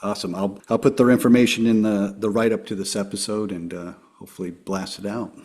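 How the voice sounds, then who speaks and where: A man hosting a casual podcast, asking quick upbeat questions. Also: fairly low pitch, steady tone, darkish tone, breathy edge. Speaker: podcast host. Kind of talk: casual interview chat.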